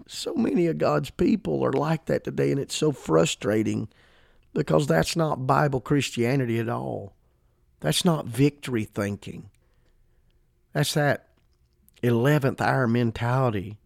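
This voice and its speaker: A man's voice: medium pitch, animated, unhurried, gravelly, no echo, clean studio sound. A man preaching a podcast sermon in an emphatic, fervent way, repeating words for emphasis.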